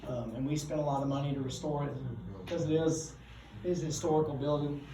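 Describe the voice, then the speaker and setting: A man, a teacher telling animated, rambling anecdotes to his class with frequent self-corrections. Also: on the high side, quick pace. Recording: echoey room, distant mic, background noise.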